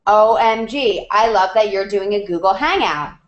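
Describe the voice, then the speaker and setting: A woman chats through viewer questions over a video call in an upbeat, rambling way. Her voice sits at an ordinary middle pitch. The room gives it a hollow, echoey ring. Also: normal speed, muffled recording. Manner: chatty and upbeat, with many fillers and asides. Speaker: DIY blog host answering viewer questions. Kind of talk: casual chat. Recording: roomy echo on a video call.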